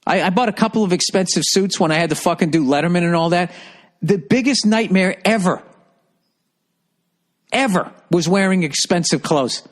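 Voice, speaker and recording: A middle-aged man with a high voice, hosting a podcast alone. He reads listener comments aloud and answers them in a heated, sarcastic, profane rant. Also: normal speed. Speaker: podcast host. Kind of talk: ranting monologue.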